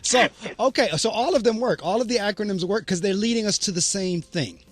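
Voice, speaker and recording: A man's voice: high-pitched, a little fast. A man hosting an interview show, asking questions, affirming his guest often and laughing along. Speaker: host.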